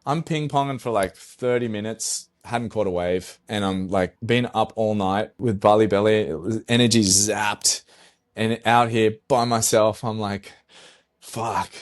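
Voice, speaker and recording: A middle-aged pro surfer appears as a podcast guest and tells a story casually and with animation, in a lowish, unhurried voice. He swears and acts out his own lines of dialogue.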